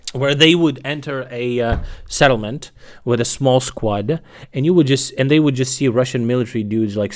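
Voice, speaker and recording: A man streaming casual, profane commentary on war news, reading headlines and reacting bluntly. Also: mid-range voice. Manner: profane, blunt, bursts of loud laughter.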